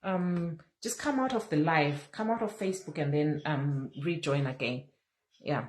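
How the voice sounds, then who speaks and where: A woman with a low, deep-set voice hosts a casual live chat straight into her phone. She talks earnestly, repeats her phrases and drops in Zulu words as she goes. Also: unhurried, slight background noise, rough recording. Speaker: livestream host.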